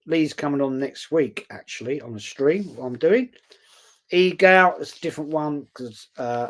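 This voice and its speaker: A man chatting casually on a live stream, reading out viewer comments and answering them bluntly. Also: medium pitch. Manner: blunt, outspoken, chatty, calls viewers mate.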